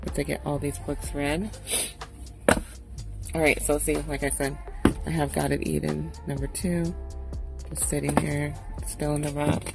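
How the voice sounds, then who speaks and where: A woman vlogger in casual chat, relaxed and swearing freely. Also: low-pitched, unhurried, vocal fry, pauses often. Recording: music playing behind her voice.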